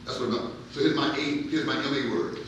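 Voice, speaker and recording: A pastor preaching a Bible-study sermon, emphatic and repetitive, stuttering over words as he builds toward near-shouts. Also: mid-range voice, fairly even intonation, brisk, noisy background. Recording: very echoey room, mic far off.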